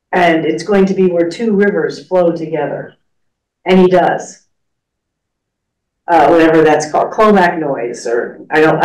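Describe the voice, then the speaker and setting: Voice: medium pitch, a little mellow. Teacher in an echoey room, far mic. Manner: conversational, rambling with fillers. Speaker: class leader. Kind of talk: teaching a church study class. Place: church classroom.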